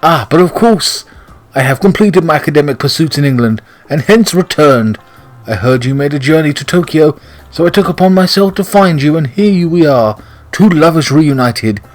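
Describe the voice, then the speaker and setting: A man voicing a pompous young male suitor who talks like a posh English gentleman, grand and theatrical. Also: a little high, lively intonation, normal speed, pitched above the performer's own voice, natural voice. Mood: grandiose. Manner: flowery, theatrical, grandiose speech.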